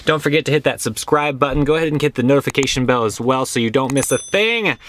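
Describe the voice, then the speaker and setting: A man's voice: mid-range voice, fast, a bit bright, slight background noise. A young man, a yoga teacher, giving a casual and earnest spiritual talk, repeating phrases for stress.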